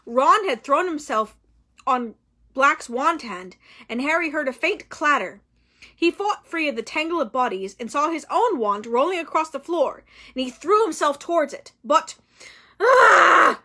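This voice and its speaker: A woman reading a novel aloud in an expressive, dramatic way. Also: high-pitched, normal speed.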